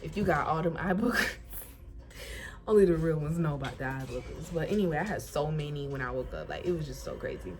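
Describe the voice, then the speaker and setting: A young woman from Florida telling a casual storytime about getting into college, animated and colloquial, acting out what people said. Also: deep voice, fairly quick. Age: young adult. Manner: animated, colloquial, acts out quotes. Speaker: incoming college student. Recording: music playing behind voice.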